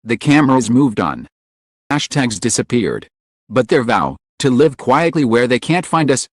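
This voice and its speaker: A man's voice: mid-range voice, dry recording, clean studio sound. A man giving a scripted, dramatic narration with solemn, lingering emotional phrasing. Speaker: channel narrator.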